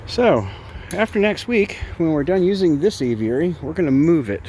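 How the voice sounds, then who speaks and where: A man's voice: expressive, moderate pace, a little mellow, slight background noise. A man who keeps birds, chatting casually on a vlog as he walks by an outdoor aviary. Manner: chatty, baby-talks to birds in a high voice. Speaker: bird sanctuary keeper.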